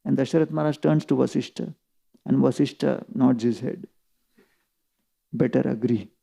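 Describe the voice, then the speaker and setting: A man giving a scripture class, retelling an epic story in an animated storytelling manner. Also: medium pitch, brisk, gravelly. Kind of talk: scripture lecture.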